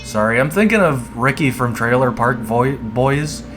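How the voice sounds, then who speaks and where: Over music, a streamer gives loose commentary on a dungeon game, chatting in a relaxed, rambling way and swearing frequently. His mid-range voice is expressive and a little slow.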